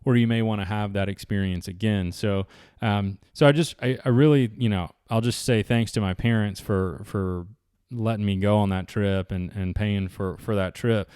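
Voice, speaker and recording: This man's voice is lowish, clear and resonant, with a darkish tone, fairly even intonation and a moderate pace, recorded at studio quality without echo. He's a vlogger in his 40s from the Southeastern US, chatting casually to camera as he tells meandering travel stories with plenty of fillers and restarts.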